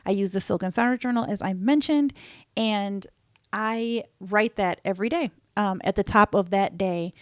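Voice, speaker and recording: A woman speaks gently and earnestly, as if confiding in her listeners. Her voice sits in a middle pitch range. It is recorded close and dry, with no room sound. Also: moderate pace, no echo. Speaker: podcast host. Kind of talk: reflective personal talk.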